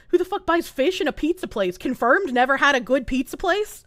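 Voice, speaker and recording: A woman's voice: high-pitched, fast talker, few pauses, no echo, clean studio sound. A young woman from Boston, live-streaming in casual chat and ranting with lots of swearing. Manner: animated, profane ranting.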